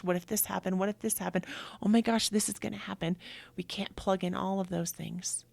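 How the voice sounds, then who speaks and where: A middle-aged woman speaking in an earnest, reflective monologue as a yoga teacher and host, often sinking to a breathy near-whisper. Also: fairly low pitch, a little mellow.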